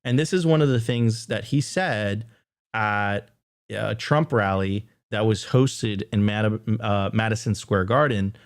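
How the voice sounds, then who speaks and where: Casual halting male podcast co-host. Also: fairly low pitch, clear, resonant tone, no echo, studio quality. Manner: casual, halting, many fillers and restarts. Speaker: crypto show co-host. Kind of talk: casual livestream chat.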